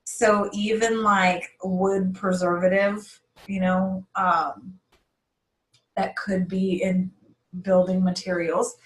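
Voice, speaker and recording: Woman podcast host and health coach, casual animated monologue, mid-pitched, roomy echo. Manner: chatty, animated, quick asides and self-corrections.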